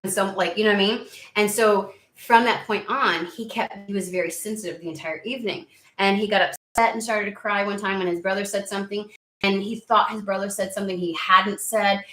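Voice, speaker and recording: A woman in her thirties talks casually to her viewers, rambling through her story with plenty of fillers and restarts. Her voice is bright and forward. The sound rings in an echoey room. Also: mid-range voice, steady tone, fairly quick. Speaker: tarot reader and channel host. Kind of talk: casual chat to camera.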